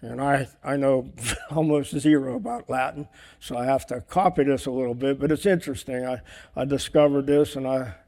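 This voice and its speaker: A man's voice: medium pitch, normal speed, darkish tone. Earnest male preacher asking rhetorical questions. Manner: writes on a board while teaching. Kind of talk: sermon.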